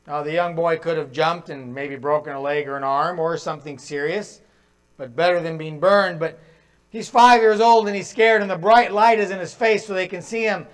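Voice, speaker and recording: A male pastor preaching a sermon in a church, telling a story and swinging from loud to hushed. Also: fairly high pitch, moderate pace, low-quality recording.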